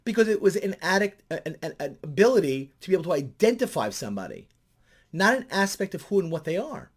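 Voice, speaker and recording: A middle-aged counselor delivers vlog commentary a little fast, in a slightly rough voice. He tells stories animatedly, and his pitch climbs when he's excited.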